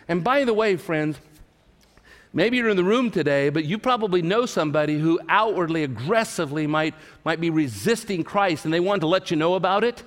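At a church service, a pastor from California delivers a sermon with earnest repetition and questions aimed at the congregation. He speaks briskly and expressively in a high voice, surrounded by long hall reverb.

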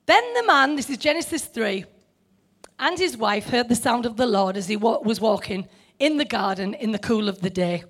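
A woman's voice: fairly high pitch, lively intonation, moderate pace, fairly bright tone. A middle-aged woman preaching a sermon in a conversational way, asking the listeners questions.

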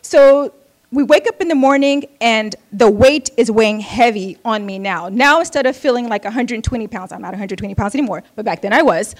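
A woman from Oakland tells a personal story to an audience, candid and wry. She pokes fun at herself with quick asides and laughs through her words. Her voice sits slightly higher than most women's. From Oakland, United States.

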